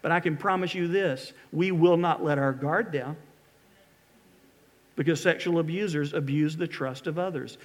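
A man's voice: a little high, normal speed. A middle-aged man preaching a sermon as pastor, reading scripture with dramatic emphatic pleas.

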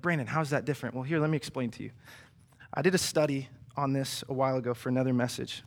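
A male pastor with a somewhat high voice delivers a sermon. He talks casually and conversationally, leaning on fillers and pressing hard on key points. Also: fairly bright tone. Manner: conversational, emphatic with many fillers.

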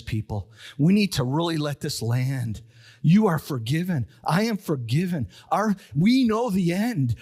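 A male pastor preaching a sermon, reading scripture low and solemn, then building to urgent, rising appeals. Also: a little mellow. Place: church sanctuary.

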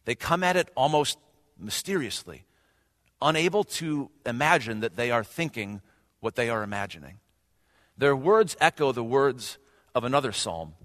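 A man's voice: mid-range voice, lively intonation, normal speed, a bit bright. A male pastor preaching a sermon earnestly, with rhetorical questions and rising emphasis. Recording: long hall reverb.

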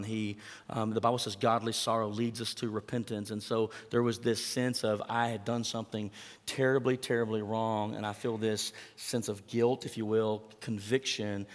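Preaching man, echoing in a hall. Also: lowish voice. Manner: conversational preaching, asks the congregation questions. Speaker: pastor. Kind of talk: sermon. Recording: long hall reverb.

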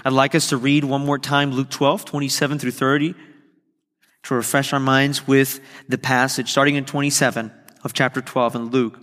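A man preaching a sermon earnestly, slowing down and stretching key phrases for emphasis. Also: medium pitch, little pitch movement, fairly bright tone. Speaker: pastor. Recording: long hall reverb.

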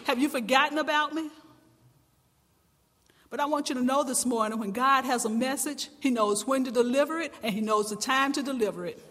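Woman pastor, high bright voice, fervent sermon delivery, long church-hall reverb. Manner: impassioned, swelling to loud emphatic cries. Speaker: preacher.

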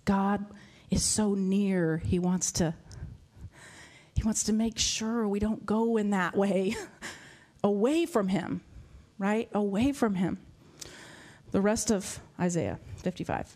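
A woman preaching a sermon to a congregation in a church, animated and laughing often. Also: mid-range voice, slow pace, faint music behind. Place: church hall with live audience.

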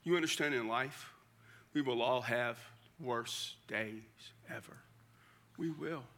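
An older man preaching a sermon as pastor, talking in a conversational, emphatic way and dropping to a hush at emotional moments. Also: mid-range voice, slow pace.

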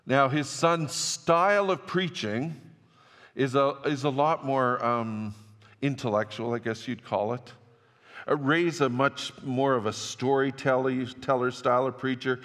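A man's voice: mid-range voice, fairly bright tone. A man preaching a sermon as pastor, telling stories in a loose, conversational way with restarts. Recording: long church-hall reverb.

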